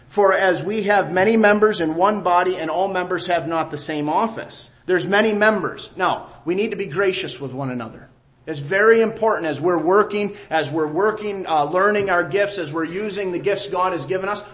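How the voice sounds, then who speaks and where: A middle-aged man preaching a sermon, emphatic and repeating key phrases, sometimes dropping quiet. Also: high voice, normal speed.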